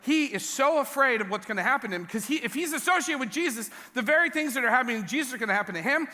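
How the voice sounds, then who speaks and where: A young adult man preaching a sermon in a church, telling a story with animated, self-mocking humor. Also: very high voice, very fast. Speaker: pastor. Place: large church hall. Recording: long church hall reverb.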